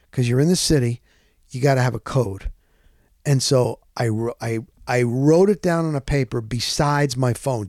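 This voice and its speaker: Animated man telling a story. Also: medium pitch, no room sound, clean studio sound. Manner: animated, punctuates with sound words. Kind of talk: casual storytelling.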